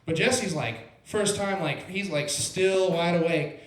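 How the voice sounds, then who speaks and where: A man's voice: high-pitched, a little slow. Young man rambling through a stand-up story. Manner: rambling, laid-back, heavy on filler "like" and "bro". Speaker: open mic comedian. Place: small comedy club. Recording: roomy club sound.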